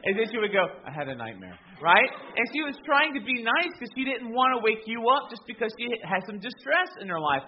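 A middle-aged man with a high voice preaches in a relaxed, conversational way, turning to the crowd with frequent asides. The recording sounds dull and lo-fi. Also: fairly quick, few pauses, a little hiss or hum. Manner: conversational, animated storytelling with frequent "right?" asides. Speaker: pastor. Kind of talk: sermon.

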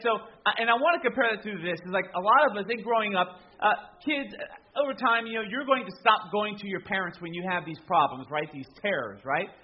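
A man's voice: high-pitched, highs cut off. A middle-aged man preaching a sermon in a chatty storytelling way, often checking in with the congregation. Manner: conversational, animated storytelling with frequent "right?" asides. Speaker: pastor.

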